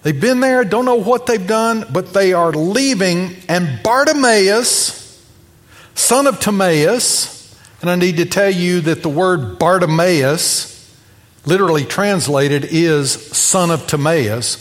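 A high-pitched male preacher delivers a storytelling sermon, swinging from hushed asides to bold outbursts as he acts out the people in the story. His voice trails off into the long reverb of a church sanctuary. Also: slow pace. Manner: storytelling preacher acting out voices, shifting loud and soft. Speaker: pastor.

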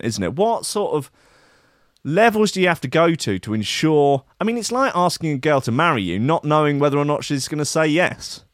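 A man's voice: on the high side, big pitch swings, normal speed, no room sound, clean studio sound. A man hosting a comic riff on the news, rambling and sardonic, swearing and mocking himself. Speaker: comedian host.

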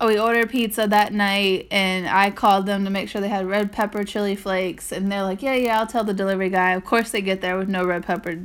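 A woman's voice: medium pitch, steady tone, brisk, few pauses. A woman casually telling a story with her partner, chatty and quoting people. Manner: chatty, laughs often, quotes people.

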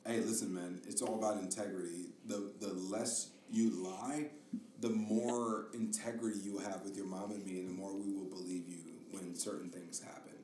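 A man's voice: deep voice, level tone, moderate pace, roomy sound, distant mic, background noise. A middle-aged man hosting a casual family podcast, joking and mock-stern with his kids. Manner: teasing, jokey, mock-stern. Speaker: podcast host and father.

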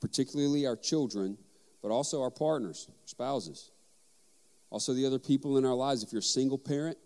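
A man, a father of young children, giving a sermon on parenting with lively storytelling and acted-out dialogue. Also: mid-range voice, brisk, long reverb tail. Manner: animated storytelling, acting out dialogue. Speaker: pastor.

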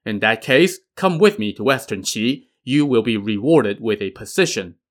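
A man's voice: on the low side, expressive, normal speed, lightly acted. A man voicing an earnest, dutiful young prince who is easily swayed.

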